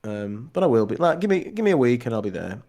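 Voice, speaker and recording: A man co-hosting a casual podcast stream, relaxed and jokey, greeting chat viewers. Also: medium pitch, fast. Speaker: podcast co-host. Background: faint lo-fi music.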